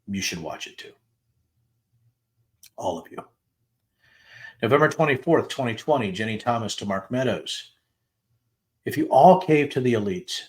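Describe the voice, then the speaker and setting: A middle-aged man with a lowish voice reads text messages aloud on his show, stating each date plainly before rising into the quoted lines. He drops in the odd dry aside between messages. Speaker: podcast host reading text messages aloud. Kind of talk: dramatic reading of texts with asides.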